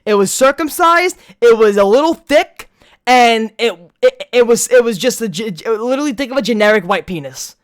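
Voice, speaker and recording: A man hosting a podcast in casual chat, telling a story in an animated, profane way. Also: very high voice, normal speed, clear, resonant tone. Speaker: podcast host.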